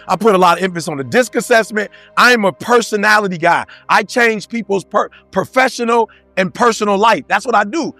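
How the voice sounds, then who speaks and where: A man with a high, bright-edged voice delivers a motivational talk, recorded dry and close with faint music behind him. He speaks in casual street slang and fires rhetorical questions straight at the crowd. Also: dry recording. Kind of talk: motivational talk to a live audience.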